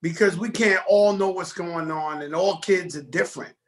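A man with a New York accent, a guest chatting on a video call in a lively, streetwise way. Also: high voice, normal speed. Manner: animated, laughing, streetwise slang. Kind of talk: casual video call interview.

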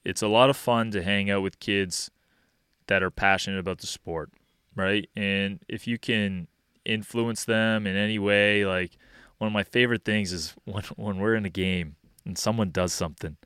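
Young man, hockey coach, deep resonant voice, laid-back talker with plenty of fillers. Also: moderate pace, smooth, dry recording, studio quality. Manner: relaxed and rambling, many fillers like "you know" and "um". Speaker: hockey skills coach and podcast guest. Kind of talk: casual interview chat.

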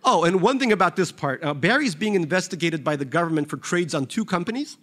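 A man's voice: a little high, lively intonation, fast talker, fairly bright tone. Wry man reading a novel aloud. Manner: wry, conversational asides between passages. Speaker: reader.

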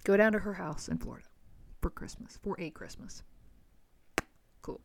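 A woman's voice: fairly low pitch, big pitch swings, normal speed, dry recording. A woman in her thirties hosting a solo podcast, venting about the holidays in a frank, exasperated way and swearing freely. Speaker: podcast host.

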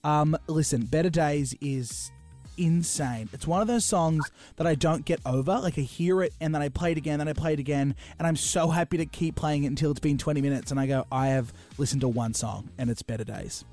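Upbeat radio host. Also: male voice, fairly high pitch, brisk, warm tone, soft background music. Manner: enthusiastic, rambling, jokey. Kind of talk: casual interview.

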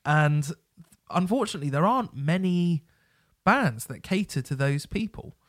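A man's voice: a little high, lively intonation, moderate pace, no echo, studio quality. A man co-hosting a music podcast in casual chat, enthusiastic and rambling with restarts.

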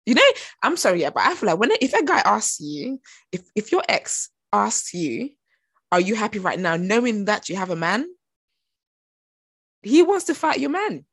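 A young woman recapping a TV episode in a chatty vlog, animated and gossipy, acting out her own reactions. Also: mid-range voice, normal speed, dry recording. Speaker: TV show reviewer.

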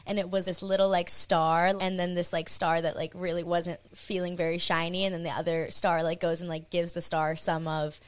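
Low-voiced gushing young podcast host. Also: female voice, level tone, normal speed, hardly any pauses, no room sound. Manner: gushing, heavy use of "like". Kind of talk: casual podcast chat.

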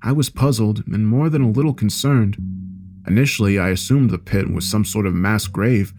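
A man with a low voice reads a horror story in a measured, dark storytelling manner. Faint music plays underneath. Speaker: narrator. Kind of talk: scripted horror story narration.

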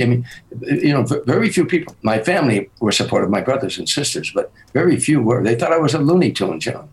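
A man's voice: mid-range voice, fast, slight background noise, low-quality recording. Older man spinning comic stories. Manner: animated storyteller, acts out quoted people. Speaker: comedian guest. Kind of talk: casual storytelling chat.

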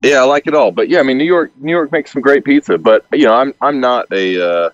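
A man from Alabama with a Southern accent, a guest speaking haltingly with many restarts over a call. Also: mid-range voice, no echo. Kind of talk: casual interview over a call. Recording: dull call audio, dry.

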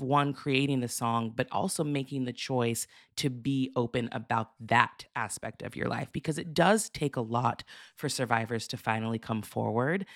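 An interviewer with a gravelly voice, recorded very dry and close. The questions are long, gentle and affirming. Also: mid-range voice, dry recording.

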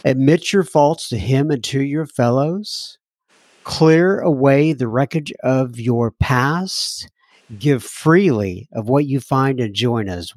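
A man's voice: medium pitch, a little mellow, no echo, clean studio sound. A man hosting a recovery podcast, talking casually, reading listener mail, laughing often and slipping into a joking French accent. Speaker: podcast host.

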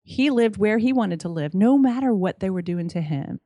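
An enthusiastic middle-aged woman talks as a podcast guest, tumbling over her words and starting again. Her voice sits at an ordinary pitch. The sound is dry and close. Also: expressive, moderate pace, no echo. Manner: warm, enthusiastic, restarts often. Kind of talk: casual interview chat.

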